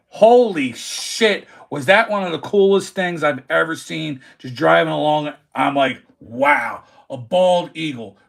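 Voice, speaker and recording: A man hosts a casual livestream. His voice is gravelly and bright, pitched fairly high, and he talks slowly. He is a rowdy sports fan who trash-talks the other team. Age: 40s. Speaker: livestream host.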